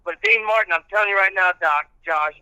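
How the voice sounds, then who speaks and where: Bright, high-pitched older man. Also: a little fast, clear, resonant tone, no echo, rough recording. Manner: rambling storyteller with many restarts. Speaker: radio personality guest. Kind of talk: casual podcast chat.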